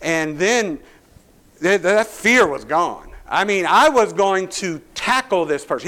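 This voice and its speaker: A man's voice: sits high, sing-song, slow, sharp tone. A male pastor, preaching a sermon through a folksy personal story full of restarts.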